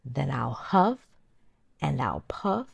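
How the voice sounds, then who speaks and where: A woman voicing a hungry, menacing big bad wolf in a children's storybook reading, calling out loud, drawn-out threats. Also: a bass voice, sing-song, creaky, breathy edge, no room sound, exaggerated voice.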